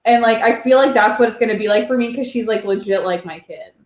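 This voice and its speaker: A woman host in casual chat about her pet, talking loosely with lots of fillers and quick laughs. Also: on the high side, reverberant. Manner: chatty, filler-heavy, laughs easily. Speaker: channel host.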